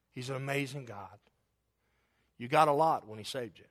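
A man's voice: mid-range voice, normal speed, pauses often. Emphatic preaching pastor, man. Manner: emphatic, repetitive preaching cadence; earnest, personal asides to the congregation. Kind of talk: sermon with altar call.

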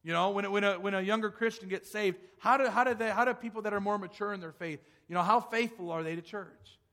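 A man's voice: high voice, fast, bright, forceful tone. A male pastor preaching a sermon, emphatic, asking rhetorical questions and restarting phrases as he goes. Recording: long hall reverb.

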